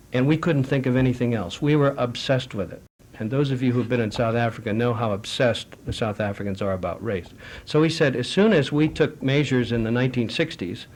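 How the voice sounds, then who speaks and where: Man, middle-aged, forum speaker, measured, anecdotal, restarts often, mid pitch. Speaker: speaker at a foreign affairs forum. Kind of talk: public talk answering audience questions.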